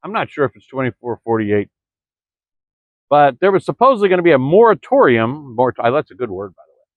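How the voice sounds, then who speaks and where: Early in the morning, indoors or close to the camera, a Florida vlogger rambles through a monologue, tripping over words and addressing viewers as "folks." His medium-pitched voice swings widely and moves fairly fast, and the recording is dry, dull, and lo-fi.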